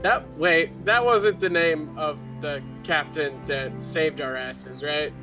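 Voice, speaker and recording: A man playing a tabletop game, talking casually and getting excited. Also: fairly high pitch, music in the background. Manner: excitable, quick. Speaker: player.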